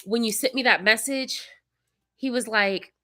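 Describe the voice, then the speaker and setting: A bright, forceful-sounding young woman tells a long story in casual chat to her livestream viewers. She sounds tired and a bit congested, and she plays the people she quotes with lively, animated delivery. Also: a little high, measured pace. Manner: animated storyteller, acts out quotes, sudden loud outbursts. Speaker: vlogger, mother of young kids.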